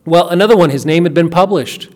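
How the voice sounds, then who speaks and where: Earnest man telling a story, higher voice. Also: fast, darkish tone. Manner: earnest, repeats words and restarts, emphatic asides. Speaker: speaker recounting a family story. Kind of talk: casual spoken storytelling.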